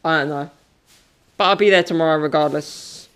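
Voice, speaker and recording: A man's voice: on the high side, moderate pace, fairly bright tone, clear, resonant tone. A young man from England chatting casually and jokingly to a handheld camera at home. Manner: joking, playful, makes sound effects. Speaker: vlogger. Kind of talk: casual vlog chat. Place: home, indoors.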